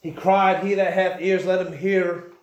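A man preaching a sermon, building into shouted emphasis. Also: high-pitched, level tone, a little slow, lo-fi sound. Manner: impassioned, rising to shouts. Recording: echoey church room.

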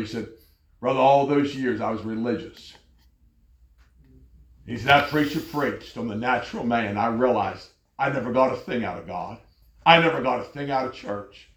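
A man preaching a fervent sermon, telling stories and rising to loud exclamations. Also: mid-range voice, echoey room.

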